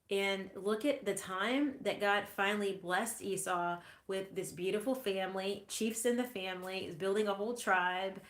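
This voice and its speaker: An earnest, reflective woman talks through a Bible passage at an unhurried pace. Her voice sits at a middle pitch for a woman. The recording has a noticeably roomy echo. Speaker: podcast host teaching scripture. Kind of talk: Bible teaching talk.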